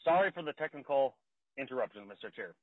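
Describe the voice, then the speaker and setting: A man, a state legislator, presenting a bill over a phone call from outdoors, out of breath and talking haltingly with many fillers and restarts. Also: medium pitch, expressive, no room sound. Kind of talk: remote committee testimony. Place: outdoors near a car. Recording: tinny dry phone line.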